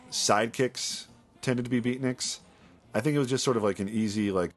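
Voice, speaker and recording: A man's voice: mid-range voice, brisk. A man co-hosting a podcast, chatting casually about old television with enthusiasm. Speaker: podcast co-host. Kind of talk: casual conversational chat.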